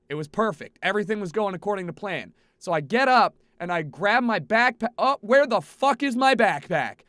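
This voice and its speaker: A young man with a high, bright voice recounts a travel mishap, swearing freely and swinging from exasperated near-shouts to quiet grumbles. He sounds close on a headset, in a dry room with no echo. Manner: animated, profane, swings from exasperated shouting to low mutters. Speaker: streamer telling a travel story. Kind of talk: casual storytelling to camera.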